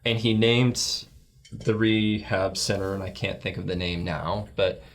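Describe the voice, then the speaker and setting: A man's voice: flat delivery, a little slow. A middle-aged man, a guest on a church talk show, telling a heartfelt story with many restarts, lifting his voice when he quotes people. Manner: rambling, heartfelt, acts out quoted lines in a higher voice.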